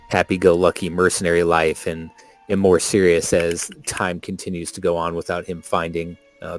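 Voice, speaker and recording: A man describing his character's actions in a tabletop game, relaxed and with fillers. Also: sits low. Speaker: player.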